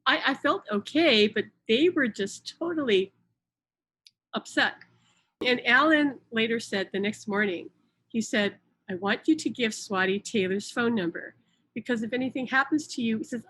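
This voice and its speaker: A middle-aged woman talking casually on a live stream, retelling events in an animated way with many restarts and quoted dialogue. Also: a little high, breathy edge. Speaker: host, spiritual channel.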